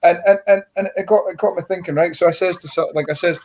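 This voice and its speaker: Scottish man, forties, blunt rambling comic, fairly high voice. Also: steady tone, fast, darkish tone. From Scotland. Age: 40s. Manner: blunt, rambling, swearing, self-mocking. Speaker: stand-up comedian. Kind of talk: stand-up storytelling on a panel show.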